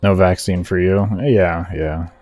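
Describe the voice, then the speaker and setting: Deep, mellow-voiced male gaming streamer. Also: a little slow, no room sound, soft background music. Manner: swears heavily, rants and berates himself when frustrated; chats with viewers in a relaxed, rambling way. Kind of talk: casual live-stream chat while gaming.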